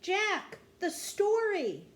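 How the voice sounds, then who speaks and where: A woman voicing an excited, headstrong young girl in a storybook, shouting high and shrill. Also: drawn-out words, heavily acted. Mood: frantic.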